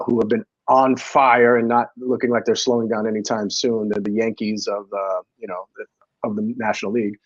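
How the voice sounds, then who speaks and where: A man's voice: lowish voice, darkish tone, no room sound. Man in his fifties on a dull remote line. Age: 50s. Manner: easygoing, laughs along. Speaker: former player, sports analyst guest. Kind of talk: casual sports talk.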